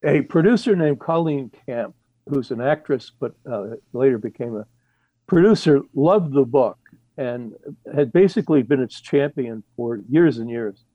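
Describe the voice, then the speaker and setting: A man's voice: mid-range voice, expressive, moderate pace, no echo. Hesitant man with a dull, dry sound. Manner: rambling, hesitant, many restarts and fillers. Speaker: author guest. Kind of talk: casual interview.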